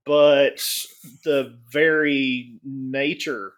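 A man's voice: medium pitch, steady tone, very slow, clean tone, highs cut off. A man chatting casually on a podcast in a matter-of-fact way, with casual curses. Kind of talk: casual chat.

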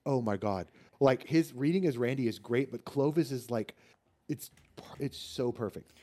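A man talking as a guest author in a casual podcast chat, rambling and animated, with many fillers and restarts. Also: mid-range voice, moderate pace.

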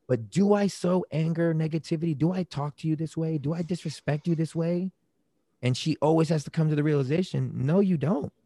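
A man in casual conversation about relationships, animated, acting out quoted arguments in raised voices. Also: on the high side, a little fast, no echo.

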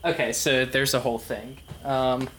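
A man's voice: mid-range voice, flat delivery, normal speed, a bit bright, a little hiss or hum. A man playing a druid in a tabletop game, talking in a casual, laid-back way. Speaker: player.

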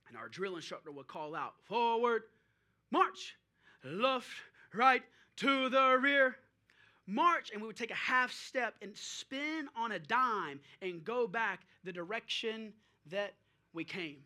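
Pastor, male, high bright tenor, preaches in rising rhetorical questions. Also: expressive, normal speed. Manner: preaching with rhetorical questions and drill-call shouts. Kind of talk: sermon.

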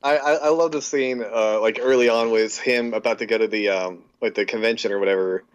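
A man's voice: fairly low pitch, steady tone, brisk, smooth, highs cut off. A man co-hosting a podcast, talking casually about movie scenes, hesitant and searching for words. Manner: hesitant, many fillers and restarts. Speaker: podcast co-host.

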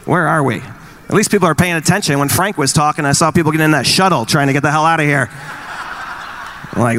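Wry stand-up comic man, slightly high voice. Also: sharp tone, a little hiss or hum. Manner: wry, teasing, acts out quick voices. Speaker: stand-up comedian. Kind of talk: stand-up comedy with crowd work. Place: live venue with an audience.

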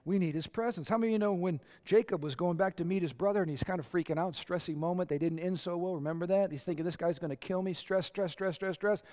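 A man preaching a sermon, conversational and animated, acting out quotes and asking the crowd questions. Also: high-pitched, quick pace, hardly any pauses. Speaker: pastor.

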